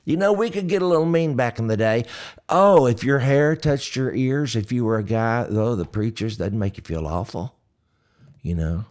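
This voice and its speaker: A middle-aged man with a Texan accent, hoarse, hosting a folksy, joking livestream chat between hymns and reading viewer comments aloud. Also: medium pitch, moderate pace, a little mellow. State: hoarse, dry mouth. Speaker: gospel singer and livestream host. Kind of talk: casual livestream chat with hymn singing.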